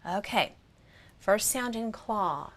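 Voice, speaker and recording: A woman teaching a phonics lesson, sounding out vowels slowly and clearly and praising the listener. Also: mid-range voice, expressive. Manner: slow, clear, encouraging, sounds out each vowel.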